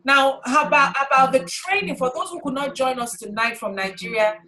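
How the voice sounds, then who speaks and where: A woman leading a sales team training on a video call, lively and animated, repeating rallying phrases. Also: high voice, fairly quick, crowd noise, poor audio.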